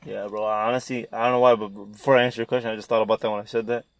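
A man's voice: lowish voice, level tone, rapid-fire. A young man telling rambling, profane stories in casual chat between friends. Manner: rambling, profane storytelling with slang.

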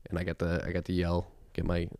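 A man's voice: low voice, monotone, quick pace, a little mellow, dry recording, clean studio sound. A man hosting a podcast, reading sponsor spots in a loose, offhand way and spelling out web addresses. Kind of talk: casual ad read.

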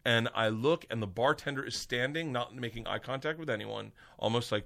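A middle-aged comedian telling a long story in casual chat, animated and profane, jumping his voice up high to act out the people in it. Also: brisk, vocal fry. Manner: animated, profane, acts out characters with big pitch jumps. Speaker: comedian guest.

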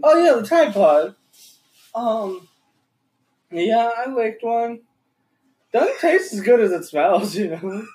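Young male podcast co-host, high-pitched, loopy and rambling, laughs often. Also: big pitch swings, slow, long pauses, darkish tone, rough recording. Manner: giggly, rambling, tired. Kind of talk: loopy casual chat.

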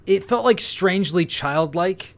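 A man with a fairly high voice full of gravelly fry. He talks about a movie in a casual, animated way, trailing off and correcting himself as he goes. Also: a little slow. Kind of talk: casual film discussion.

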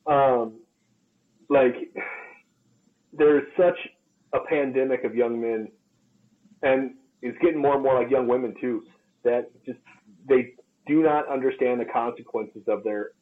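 A man's voice: mid-range voice, a little slow, pauses often. A man tells a gym story on a casual podcast, cursing freely and acting out the people in it. His voice sits in a middle register. The recording sounds slightly dull and lo-fi. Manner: profane, animated storyteller who acts out quotes. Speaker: podcast co-host, personal trainer.

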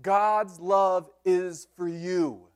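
A man with a notably high voice preaches to his congregation. He teaches through a psalm point by point and breaks it up with light joking asides. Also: fairly even intonation, extremely slow, smooth. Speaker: pastor. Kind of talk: sermon.

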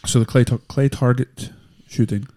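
Mellow-voiced man, chatty co-host from Northern Ireland. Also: medium pitch, fairly even intonation, normal speed. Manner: joking, chatty, rambling. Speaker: podcast co-host. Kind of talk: casual chat.

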